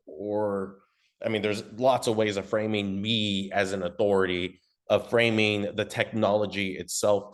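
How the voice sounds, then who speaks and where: A man coaching on ad marketing in a casual, rambling teaching talk, sometimes swearing and slipping into quick mock voices of customers. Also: on the low side, fairly bright tone.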